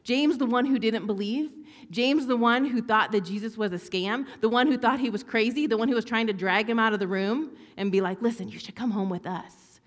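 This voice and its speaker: A woman preaching a sermon in a conversational, animated way, acting out quoted lines with sarcasm. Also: fairly high pitch, a little fast, in a large hall. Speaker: pastor.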